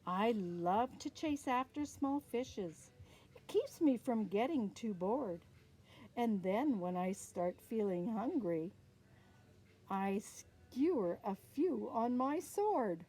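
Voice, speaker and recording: A woman's voice: a little high, animated, takes it slowly, warm tone, husky, heavily acted. A woman voicing a hungry, boastful swordfish who brags about hunting small fish, in a storybook reading for children. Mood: relishing.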